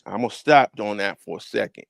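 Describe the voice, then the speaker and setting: A man leading a casual scripture discussion, moving from loud emphatic verse reading to low, slangy asides and repeating words for emphasis. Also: animated, brisk, gravelly, no echo. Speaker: podcast co-host leading a scripture study.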